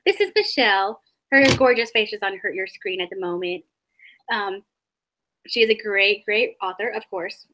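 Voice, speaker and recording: A woman's voice: mid-range voice, expressive, moderate pace, bright, forceful tone. A woman in her twenties co-hosting a casual live stream, rambling and scattered as she introduces a guest. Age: 20s. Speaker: co-host.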